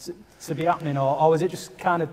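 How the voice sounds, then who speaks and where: Fast-talking male show host. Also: on the high side, steady tone, a little mellow, long reverb tail. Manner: rambling, searching questions. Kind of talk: studio interview. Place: TV studio.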